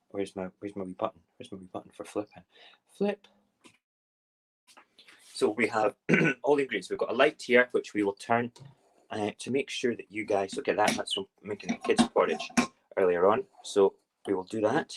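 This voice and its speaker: A man's voice: fairly low pitch, poor audio. A man hosting a casual morning live stream from his home kitchen on his phone, talking in a chatty, rambling, playful way.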